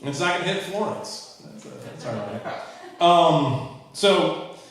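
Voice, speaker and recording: A man's voice: fairly high pitch, expressive, slow pace, a bit bright. A man in his fifties from South Carolina doing a wry, self-deprecating stand-up comedy set. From Charleston, South Carolina. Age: 50s. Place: comedy club with live audience. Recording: echoey club audio from far off with crowd.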